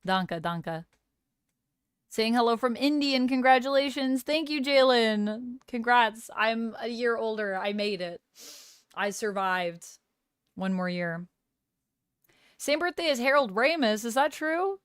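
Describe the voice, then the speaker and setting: Unhurried and clear, this Canadian streamer's slightly high voice has a resonant tone, captured dry at studio quality. She reads out messages from her livestream chat, replies casually, and tests out phrases with a soft laugh.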